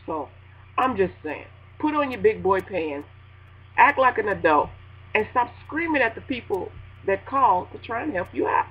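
A woman radio host ranting casually to her listeners, animated and laughing, acting out a phone call in a high voice. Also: moderate pace, slightly rough. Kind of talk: casual spoken rant.

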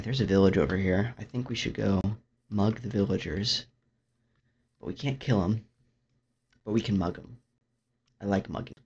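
A young man commentating his own gameplay in a dry, rambling, self-mocking way. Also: mellow. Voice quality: low gravelly voice. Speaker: gaming YouTuber. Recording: dull lo-fi mic.

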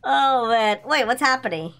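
Excitable high-voiced young woman gamer. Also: moderate pace, faint music behind. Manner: excitable, giggly, exclamatory. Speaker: gaming channel host. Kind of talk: game commentary.

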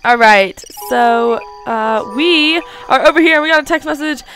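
A woman's voice: sits high, normal speed, fairly bright tone, soft background music. A woman rambling and giggling as she comments on her video game play. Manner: chatty and rambling, giggles often. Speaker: let's play gamer.

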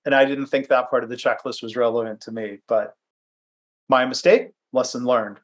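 A man's voice: medium pitch, moderate pace. Conversational man presenting a webinar. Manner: conversational, self-deprecating, with fillers and restarts. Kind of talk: presentation with anecdotes. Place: home office.

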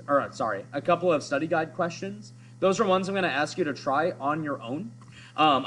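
A male teacher walks a class through a reading in a casual, explaining way. His voice sits a bit high for a man, and he thinks aloud as he goes. A faint hum sits behind him. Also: low-quality recording. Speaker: English teacher. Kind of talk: recorded class lesson.

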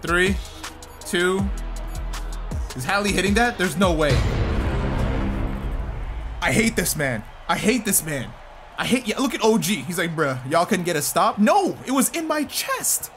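A young man giving excitable commentary over a basketball video game, often yelping and shouting at plays. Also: sits high, unhurried, long pauses. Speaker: gaming YouTuber. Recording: game music playing behind.

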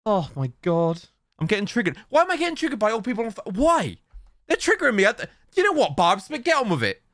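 A man's voice: high-pitched, wildly swooping pitch, fast, a bit bright, dry recording, clean studio sound, soft background music. A young man giving casual, exasperated reaction commentary and reading posts aloud, with frequent exclamations. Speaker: YouTuber reacting to social media posts.

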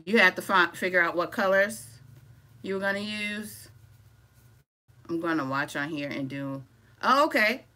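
A woman's voice: on the low side, a little slow, long pauses. A woman hosting a live crochet tutorial in a casual, chatty way, greeting viewers by name and reading out their comments as she works. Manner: casual and relaxed, calls viewers "y'all". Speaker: crochet-along host. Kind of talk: live-stream craft tutorial.

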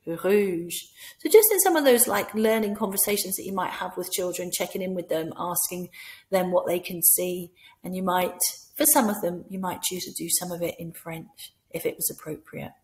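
A woman's voice: on the low side, normal speed. Scottish woman coaching teachers, explains then acts out little bits of talking to kids in a sing-song teacher voice. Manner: demonstrates by speaking to imagined children in a bright teacher voice. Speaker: teacher trainer. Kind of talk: instructional talk with classroom role-play.

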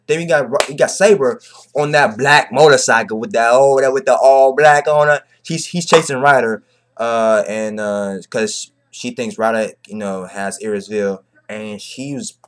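A young man giving an excited, slangy, profanity-laced casual recap of an anime episode, often repeating himself. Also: medium pitch. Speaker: anime reaction vlogger.

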